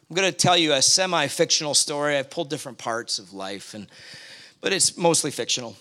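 A man's voice: on the high side, animated, fast, bright, forceful tone. A man preaching a sermon in a conversational way, telling a story from his own life and acting out his anger.

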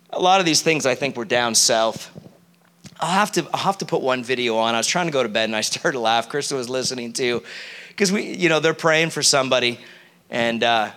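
A man preaching a sermon to a live congregation, animated and often quizzing the audience. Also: medium pitch, moderate pace. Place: church.

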